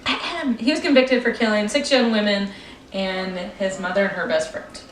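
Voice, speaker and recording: A young woman co-hosts a laid-back true-crime podcast, reading from her notes and dissolving into giggles and stumbles. Her medium-pitched voice is lively in intonation and moderate in pace, captured far from the microphone. The room echoes noticeably, with faint background noise.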